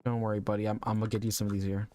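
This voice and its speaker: A man's voice: on the low side, level tone, racing, dark tone, slight background noise. A young adult man chatting casually to his viewers during a live game stream, rambling and laughing often, his voice a little strained. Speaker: VTuber streamer.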